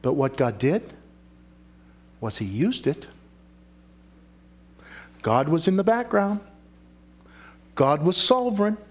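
Male preacher with a somewhat high voice, emphatic sermon delivery that questions the listeners. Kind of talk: sermon with scripture reading.

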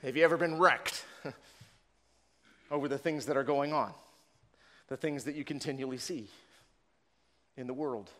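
A man preaches a sermon earnestly, repeating words often and growing more passionate as he reads scripture. His mid-range, slightly bright voice moves at normal speed with frequent pauses, and a large room gives the recording a long reverb.

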